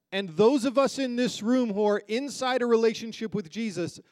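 A man's voice: high-pitched, darkish tone, no echo, clean studio sound. A man preaching a sermon as pastor to a congregation, emphatic and full of rhetorical questions. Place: church hall with a congregation.

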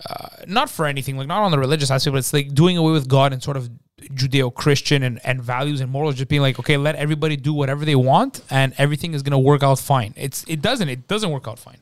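Fast-talking man telling a story. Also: mid-range voice, dry recording. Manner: rapid storytelling, acting out quoted people, frequent swearing. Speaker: podcast co-host. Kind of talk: casual podcast chat.

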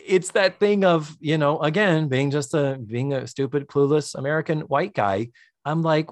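A man's voice: a little high, moderate pace, no room sound, clean studio sound. A man from Puerto Rico co-hosting a podcast, recapping a sitcom episode in casual chat, acting out the characters' lines with lots of laughter and swearing. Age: young adult. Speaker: podcast co-host.

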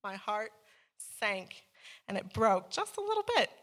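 A woman sharing a personal faith testimony with a live audience in a room, telling her story with lively energy and acting out the dialogue. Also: medium pitch, unhurried. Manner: animated storyteller who acts out quoted dialogue.

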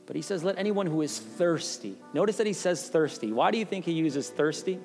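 A man's voice: fairly high pitch, lively intonation, brisk, a little mellow. A male pastor delivering an impassioned sermon with emphatic repetitions, in a church sanctuary. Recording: long hall reverb, faint music behind.

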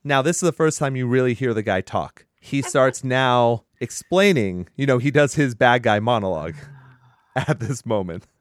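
Male podcast co-host, mid-pitched, casual and animated, swears, dry close mic. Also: normal speed, dry recording. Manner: animated, laughs often, swears freely. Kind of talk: casual movie recap chat.

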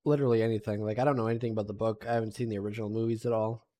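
Fast-talking rambling man. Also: fairly low pitch, flat delivery, crowd noise. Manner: quick, rambling, filler-heavy. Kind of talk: casual chat.

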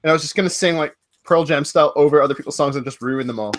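A man hosting a casual podcast, giggly and animated, on a close mic. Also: a little high, racing, a little hiss or hum. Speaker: podcast host.

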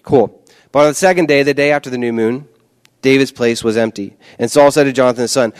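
A man's voice: mid-range voice, steady tone, quick pace. A male pastor delivering a conversational, emphatic sermon and often repeating words for stress.

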